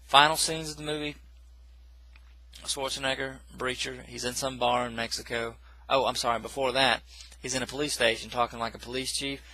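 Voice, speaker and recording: A man's voice: mid-range voice, flat delivery, brisk, pushed and bright, poor audio. A man casually recapping a film plot in a rambling, self-correcting way, with dismissive asides. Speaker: movie reviewer.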